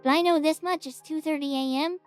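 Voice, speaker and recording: A chatty woman rambles casually through the end of a reaction video, her voice set fairly high. She giggles easily as she talks, and soft music plays faintly behind her. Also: fairly even intonation, brisk.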